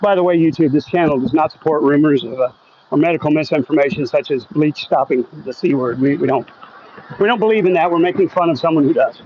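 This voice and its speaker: A man's voice: a little high, fast, lo-fi sound, slight background noise. Chatty man walking a night street. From Oklahoma, US. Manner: chatty, wry, reads viewer comments aloud. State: a bit out of breath walking uphill. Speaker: vlogger reading live chat. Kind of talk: casual live-stream chat while walking. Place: outdoors on a residential street at night.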